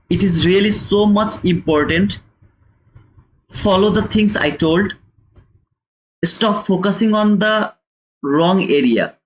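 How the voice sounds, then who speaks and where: Hosting his channel's live trading lesson, a high-voiced man lectures emphatically and repeats phrases to drive them home. A little hiss or hum is audible.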